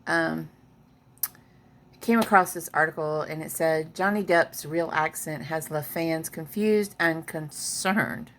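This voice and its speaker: Lady chatting on her vlog at home, low voice, reads stuff out and reacts. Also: slow pace, a little hiss or hum. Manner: chatty, reads an article aloud and comments on it. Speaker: vlogger. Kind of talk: casual chat.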